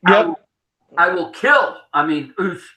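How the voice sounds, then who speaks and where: Bright-voiced, blunt man in an echoey garage. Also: high voice, animated, unhurried. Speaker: show host. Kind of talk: casual chat.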